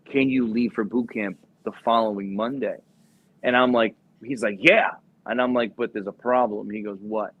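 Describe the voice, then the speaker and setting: A man's voice: fairly low pitch, normal speed. A young adult man, a former Marine recruiter, telling a profane story casually and acting out the voices of the people in it. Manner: animated, profane, acts out quoted voices. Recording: dull lo-fi podcast audio.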